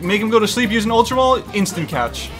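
A young man giving excitable, profane let's-play commentary, talking to the game and its creatures as he plays. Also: sits high, fairly quick, over music. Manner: excitable, swearing, talks to the game. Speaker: gaming YouTuber.

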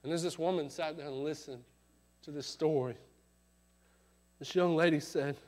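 A man preaching at a church revival service, telling a story dramatically, swelling loud and then dropping to a hush. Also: a little high, steady tone, moderate pace. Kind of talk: sermon storytelling.

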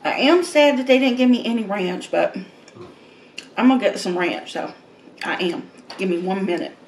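A woman chatting casually through an eating vlog, relaxed and laughing often as she eats. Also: mid-range voice, moderate pace, roomy sound, slight background noise. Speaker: mukbang vlogger. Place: home, eating at a table.

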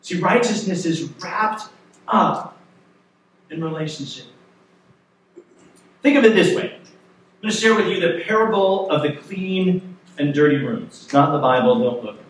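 A man preaching a sermon as pastor, telling a story in a conversational, lively way. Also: on the high side, a little slow, long pauses, slight background noise. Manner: storytelling, animated in places, conversational. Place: church sanctuary. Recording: echoey sanctuary, mic far off.

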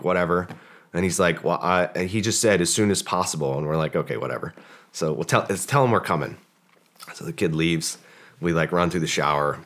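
Deep-voiced guy on a podcast, rambling war story, lots of likes and ums, acts out the dialogue. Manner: relaxed, rambling, many "like" and "um" fillers, acts out quoted dialogue. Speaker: podcast guest, former special forces operator. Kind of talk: casual storytelling interview.

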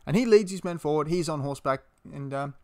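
A man's voice: on the high side, quick pace. A man telling a battle story casually, swearing and acting out the quotes. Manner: animated, swears, acts out quotes in character. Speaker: history video host. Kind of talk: casual storytelling history talk.

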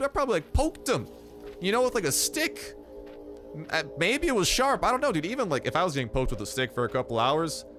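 A young man commentating on his own gameplay, excitable and jokey, rambling and jumping to high exclamations when things go wrong. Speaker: gaming channel host.

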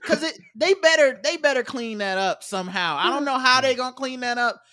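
A man's voice: very high voice, lively intonation, brisk, bright, forceful tone. A man guesting on a podcast, talking in casual chat with emphatic, profane ranting.

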